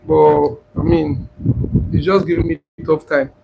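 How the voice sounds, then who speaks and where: High-voiced Nigerian man, chatty and teasing. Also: steady tone, unhurried, gravelly, warm tone, poor audio. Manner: chatty, mixing Pidgin and English, teasing viewers. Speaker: forex trading class host. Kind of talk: casual live-stream class. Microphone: clip-on mic near the throat. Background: wind noise on the mic.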